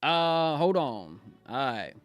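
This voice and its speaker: Excitable giggly young man streaming. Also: on the high side, slow pace, clear, resonant tone, no echo. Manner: excitable, giggly, slangy, keeps saying "bro". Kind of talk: casual live-stream chat. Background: faint music.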